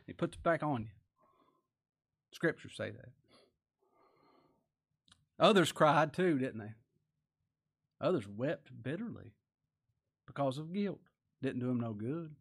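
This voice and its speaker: A man preaching a sermon, reading scripture and speaking plainly, swinging between loud emphatic lines and quiet low asides. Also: animated, unhurried, long pauses. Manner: folksy plain-spoken grammar, reads scripture aloud.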